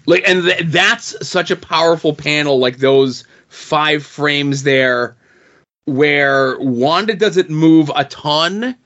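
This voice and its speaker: A man co-hosting a podcast, talking about comics in a quick, conversational and emphatic way. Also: on the high side, a bit bright, lo-fi sound. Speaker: podcast co-host. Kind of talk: casual comic book discussion.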